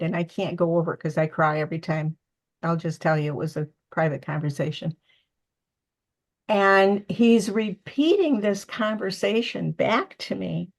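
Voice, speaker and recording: A woman's voice: lowish voice, vocal fry. Older woman telling a heartfelt story. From United States. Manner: emotional, animated storytelling with acted-out quotes. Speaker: medium and author, interview guest. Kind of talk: casual storytelling interview. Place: home living room.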